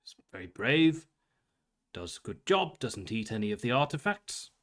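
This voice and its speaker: A man in the game master's seat talks through a tabletop session at an ordinary middle pitch. He describes the scene loosely and unhurriedly, stopping often to hunt for words. His tone stays relaxed and conversational. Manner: casual, halting, with many fillers and laughs.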